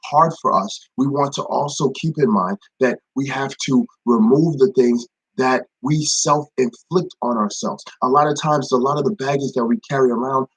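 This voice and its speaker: This informal devotional is led by a young ministry leader who talks conversationally, repeats phrases for emphasis, and welcomes viewers by name. His voice is medium-pitched and slightly breathy at a normal pace, with poor audio quality.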